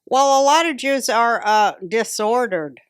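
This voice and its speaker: A woman's voice: on the high side, expressive, a little slow, clean tone, no echo, clean studio sound. A woman hosting a podcast in casual chat, blunt and profane with strong opinions. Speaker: podcast host.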